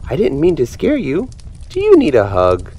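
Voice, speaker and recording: A man voicing a gentle, nearsighted female whale shark, speaking softly and apologetically in a storybook reading. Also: fairly high pitch, wildly swooping pitch, moderate pace, husky, pitched above the performer's own voice, full character voice.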